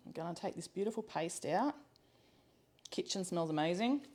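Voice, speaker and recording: A woman's voice: animated, normal speed, darkish tone. Chatty woman hosting a kitchen livestream. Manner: chatty, laughs easily, thinks aloud with ums. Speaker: cooking class host. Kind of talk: live cooking demonstration. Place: home kitchen. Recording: low-quality livestream audio.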